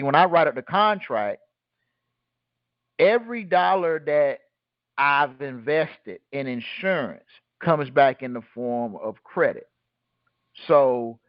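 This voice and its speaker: A man's voice: a little high, no echo. Guy teaching on a call, blunt and slangy, dry, dull lo-fi sound. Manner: asks the listeners rhetorical questions and fills in the answers; blunt and colloquial. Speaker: host teaching a group call. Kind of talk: casual teaching talk.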